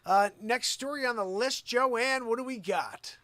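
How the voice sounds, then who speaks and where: A man's voice: very high-pitched, unhurried, a bit bright, no room sound. Ranting sarcastic comedy news host, man. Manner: ranting, sarcastic, swearing asides. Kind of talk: comedic news reading on a livestream.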